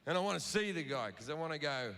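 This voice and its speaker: A man's voice: fairly high pitch, animated, quick pace, very noisy. An Australian man in his thirties doing profane stand-up comedy, telling a story and acting out the dialogue. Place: large theater stage before a live audience. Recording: live concert recording with hall reverb and crowd laughter.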